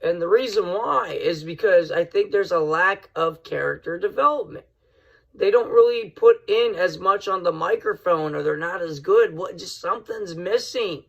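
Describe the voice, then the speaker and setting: A middle-aged man hosting his own podcast, talking straight to listeners in an excitable, rambling monologue that keeps calling them folks. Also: high voice, normal speed, creaky, dull audio. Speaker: podcast host.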